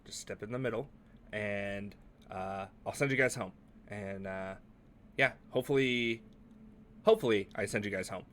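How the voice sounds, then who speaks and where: A man's voice: on the low side, normal speed, pauses often, a bit bright, a little hiss or hum, lightly acted. A man voicing a frantic, panicking cloaked man obsessed with time, who repeats himself. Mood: hurried.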